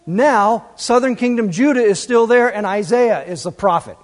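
A man preaching a sermon, animated and full of rhetorical questions, swinging between loud and soft. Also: high voice, normal speed. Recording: long reverb.

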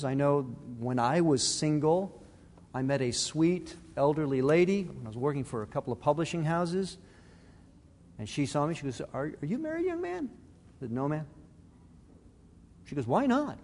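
A man's voice: fairly high pitch, a little mellow, big-room sound, slight background noise. A middle-aged man preaching a sermon, earnest and conversational, restarting his phrases as he talks. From Arizona. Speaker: pastor.

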